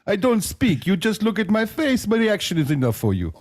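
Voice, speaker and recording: A man's voice: sits high, very animated, a little fast, a little mellow, voice pushed up. A man voicing a boastful Russian vodka drinker in an exaggerated, mock-tough put-on Russian accent.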